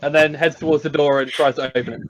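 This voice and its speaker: Playful high-voiced man at a tabletop game. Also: level tone, quick pace. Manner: playful, describing his character's antics. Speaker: player. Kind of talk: casual tabletop play.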